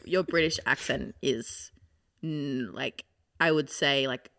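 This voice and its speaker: An Australian woman in casual chat, animated and full of fillers. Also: very deep voice, slow pace. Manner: chatty, animated, trailing fillers. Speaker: co-host.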